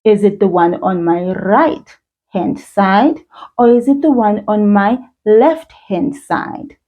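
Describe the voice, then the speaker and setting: A South African woman teaching children, with encouraging sing-song praise and slow call-and-repeat drills. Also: mid-range voice, warm tone. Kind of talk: slow, patient kids' lesson with call-and-repeat. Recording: dull lo-fi sound.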